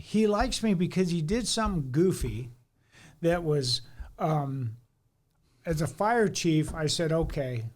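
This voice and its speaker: A middle-aged former fire chief tells workplace stories in casual podcast talk, acting out both sides of the conversations in a fairly high-pitched voice.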